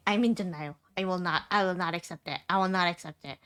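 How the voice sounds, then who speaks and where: A young female streamer, high-voiced and sometimes squeaky, rambles to her viewers, repeating herself and leaning on fillers. She speaks fast with hardly a pause, in a clean and slightly bright tone.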